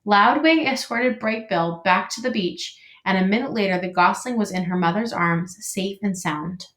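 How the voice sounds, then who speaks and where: A teacher reading a children's book aloud in an expressive, measured way. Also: female voice, medium pitch. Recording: echoey room.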